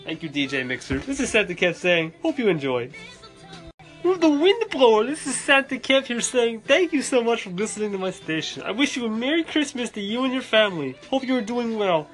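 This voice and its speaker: A man hosting a podcast in a jolly Santa persona, giving cheerful, bouncy holiday shout-outs. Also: very high voice, big pitch swings, brisk, soft background music.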